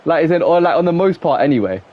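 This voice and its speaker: Playing a game on a live stream, this young man rambles to his viewers in a relaxed way, saying "like" a lot and bursting into laughs. He talks fast in a slightly high, expressive voice, and the recording's highs are cut off.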